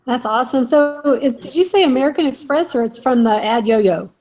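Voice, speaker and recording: High-voiced woman asking follow-ups. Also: a little fast, a little mellow. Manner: encouraging, asks short follow-up questions. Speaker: panel co-host. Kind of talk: casual chat.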